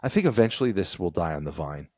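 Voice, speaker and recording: A man's voice: low-pitched, sing-song, quick pace, a little mellow, breathy edge, no echo, clean studio sound. A man co-hosting a podcast, reading from an article and explaining it in a casual, easy-laughing way; he is from the United States and has kids. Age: adult with children. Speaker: podcast co-host.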